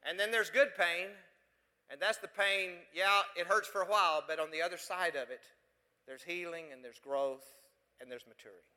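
Pastor guy preaching, high piercing voice, long hall echo. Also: fairly even intonation, normal speed, pushed and bright. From West Texas. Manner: emphatic, rhetorical questions to the congregation. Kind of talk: sermon.

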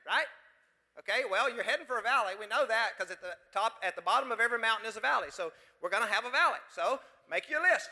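A man's voice: high-pitched, animated, fast, bright, forceful tone, big-room sound. A pastor from West Texas, preaching a sermon full of emphatic rhetorical questions to his congregation.

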